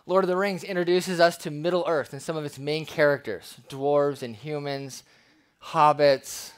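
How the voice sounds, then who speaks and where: Guy pastor giving a sermon, kinda high voice, chatty and upbeat with jokes on the side. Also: moderate pace. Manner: conversational, lively preaching with asides.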